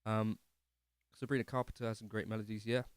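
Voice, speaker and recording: A man's voice: fairly low pitch, flat delivery, fast talker, clear, resonant tone, no room sound. Male streamer, self-deprecating and rambly, dry close sound. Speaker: livestream host. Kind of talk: casual livestream chat, reading comments. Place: home living room.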